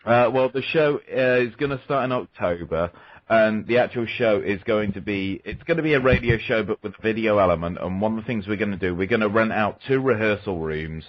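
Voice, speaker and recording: Man, crude rambling talker, lowish voice, dull lo-fi call audio. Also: brisk, dry recording. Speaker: guest caller. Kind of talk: crude comedic call-in chat.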